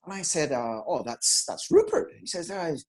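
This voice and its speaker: A man speaks over a video call, spinning anecdotes in a relaxed conversational way. He acts out quoted lines with lively shifts in his voice. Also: fairly high pitch, normal speed, poor audio. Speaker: guest. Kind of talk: casual storytelling.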